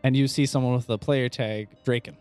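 A man hosting a tabletop game podcast, narrating the scene for his players in an easygoing way with frequent filler pauses. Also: mid-range voice, steady tone, a little mellow, clear, resonant tone, soft background music. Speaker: game master and podcast host.

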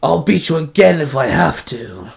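A man voicing a gruff male Duke Orc warrior who barks and growls his lines. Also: medium pitch, takes it slowly.

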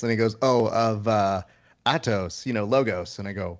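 A man's voice: on the low side, moderate pace. A man co-hosting a casual podcast chat, telling stories in a wry, emphatic way. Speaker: podcast co-host. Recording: dull lo-fi sound.

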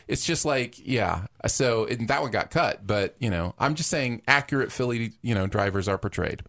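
An animated man leads a relaxed podcast conversation, his pitch swinging widely as he reads out listener comments. He laughs easily and keeps the talk moving. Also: moderate pace. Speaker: podcast co-host. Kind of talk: casual podcast chat.

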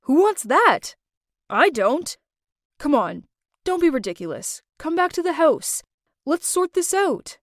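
A woman's voice: sits high, sing-song, a little slow, dry recording, studio quality. A woman voicing a worried young man who is urging his friend to come home. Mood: urgent.

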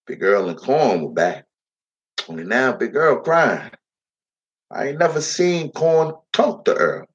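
A man's voice: medium pitch, very animated, a little slow. A man telling a dramatic first-person story in heavy dialect, slipping into the voices of the people in it. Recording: dull lo-fi recording.

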